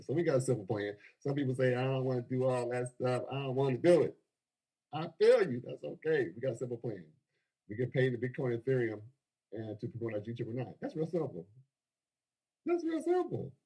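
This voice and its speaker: A man giving an excited livestream sales pitch, animated and preachy, laughing often as he talks. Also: husky, rough recording. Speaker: crypto promoter.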